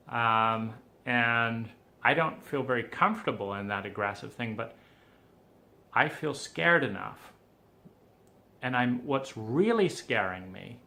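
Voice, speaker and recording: Agitated man with a gravelly, tense voice. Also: mid-range voice, pushed and bright. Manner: agitated, pleading, frustrated. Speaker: documentary subject. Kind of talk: personal testimony.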